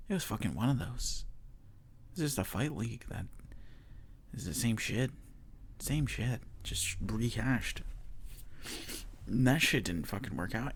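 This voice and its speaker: A sports podcast host rants casually, swearing often, laughing and trailing off mid-sentence. His mid-range voice has a breathy edge.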